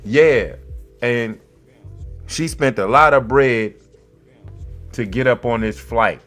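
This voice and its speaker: A man's voice: a little slow, soft background music. A man hosting a podcast, reading a news article aloud and mocking it with profane, sarcastic asides. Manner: jumps between flat reading and loud, high outbursts. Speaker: podcast host. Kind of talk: casual news commentary.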